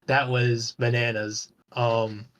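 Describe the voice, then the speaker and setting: A man's voice: medium pitch, little pitch movement, takes it slowly, fairly bright tone. Rambling man chatting casually on a podcast. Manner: rambling, swears casually, restarts often. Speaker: podcast guest. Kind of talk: casual chat about an online game.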